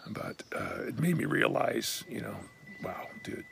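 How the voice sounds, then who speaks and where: A pastor telling a personal story in a relaxed, blunt, conversational way. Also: male voice, medium pitch, measured pace, vocal fry, in a whisper.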